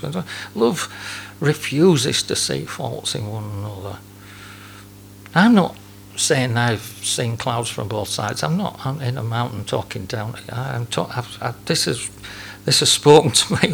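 A man preaching a sermon in a halting way, repeating words and chuckling between points. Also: medium pitch, gravelly, a bit bright, a little hiss or hum.

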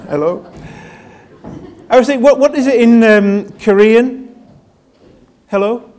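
A man's voice: extremely high pitch, unhurried, darkish tone. An older man, a pastor, giving a chatty, self-deprecating Christmas sermon and drawing answers from his congregation. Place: church with live congregation.

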